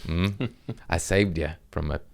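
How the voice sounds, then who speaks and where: Very deep-voiced giggly stoned man. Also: steady tone, measured pace, gravelly, smooth. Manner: giggly, stoned, self-mocking with bursts of laughter. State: high. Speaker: comedian podcast host. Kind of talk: casual rambling chat.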